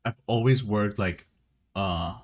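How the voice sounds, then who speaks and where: A soft-spoken man co-hosts a podcast in casual chat. English is not his first language, and he speaks hesitantly, often stumbling and repeating words. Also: on the low side, takes it slowly. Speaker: podcast co-host.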